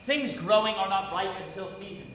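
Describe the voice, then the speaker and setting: An ardent young lover, played by a young man declaims verse earnestly in a high voice. The recording is distant and roomy, with long reverb and faint noise. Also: a little fast, fairly bright tone. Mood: passionate. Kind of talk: stage acting of verse. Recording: echoey hall from far off, with noise.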